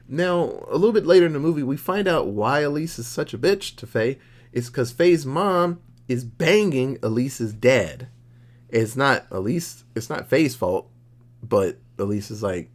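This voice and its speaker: A man co-hosting a podcast, casually recapping a horror movie plot with lots of swearing and jokes, slipping into quick voices for the characters. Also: on the high side, big pitch swings, darkish tone. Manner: profane, jokey, acts out characters mid-recap. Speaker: podcast co-host.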